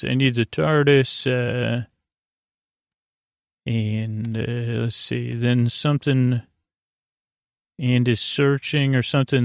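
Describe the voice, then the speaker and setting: Flat, gravelly man recapping sleepily. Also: mid-range voice, no room sound, studio quality. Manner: halting and unhurried, with many pauses and filler sounds; reads quoted lines in his own plain voice. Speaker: podcast host. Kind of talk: drowsy sleep-podcast episode recap.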